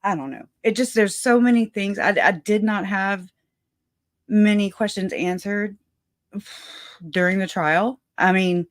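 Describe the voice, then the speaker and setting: Woman, livestream host, slow, out of breath, laughs often, dry sound. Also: mid-range voice, dry recording. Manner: chatty, laughs often, trails off and restarts. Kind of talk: casual livestream commentary.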